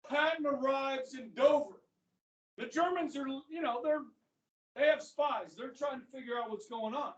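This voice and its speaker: High-pitched guy teacher, animated storytelling, room echo, mic kinda far. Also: dull audio. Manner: animated storytelling, acts out quotes. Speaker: history teacher. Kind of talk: classroom lecture. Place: classroom. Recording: echoey classroom, mic far off.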